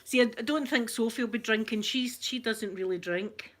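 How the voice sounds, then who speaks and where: A Scottish woman vlogger chatting casually with her viewers, talkative and quick to laugh at herself. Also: a little high, a bit bright. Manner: chatty, laughs often, self-mocking. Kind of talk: casual live-stream chat.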